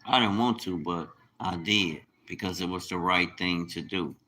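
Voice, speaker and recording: Bright-toned man preaching in street slang. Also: low-pitched, moderate pace, low-quality recording. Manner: street-slang talk, swearing, rising into fervent preaching; uses double negatives and informal grammar. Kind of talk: casual monologue turning to preaching.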